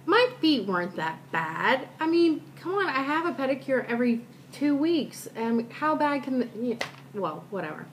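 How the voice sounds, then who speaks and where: A woman's voice: high-pitched, big pitch swings, normal speed, a little hiss or hum. A woman vlogger chatting casually and telling a personal story in a rambling, self-deprecating way.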